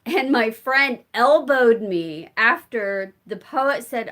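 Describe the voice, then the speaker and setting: Answering viewer comments as she spins fiber at home, a middle-aged American woman hosts a casual homestead live chat. She speaks slowly in a higher, slightly bright voice with lively intonation.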